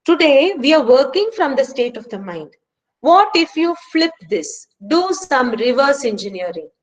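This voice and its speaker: A woman's voice: high voice, big pitch swings, unhurried, lo-fi sound. A woman with an Indian English accent leading a stress management workshop and speaking earnestly, with emphatic rhetorical questions. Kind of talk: online workshop lecture. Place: home, speaking remotely.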